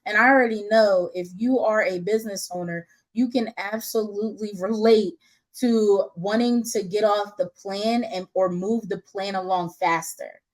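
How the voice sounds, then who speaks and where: Woman coach, mid-range voice, unscripted and candid, quick to laugh. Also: mid-range voice, low-quality recording. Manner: lively, laughs often, slangy and candid. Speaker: business coach. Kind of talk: casual unscripted teaching.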